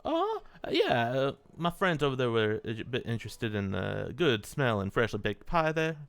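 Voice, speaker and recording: A man's voice: medium pitch, expressive, moderate pace, gravelly, fairly bright tone, clear, resonant tone, no echo. A man playing a tabletop role-playing game, talking in a polite, folksy way in character. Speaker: player.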